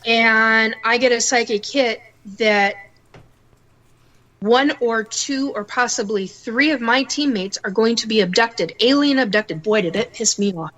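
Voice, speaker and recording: A middle-aged woman, a guest on a talk show, tells her stories in a lively, animated way and acts out the voices of the people in them. Her voice sits fairly high. She takes her time and lets the words come slowly. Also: rough recording. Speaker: psychic guest. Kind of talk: casual storytelling interview.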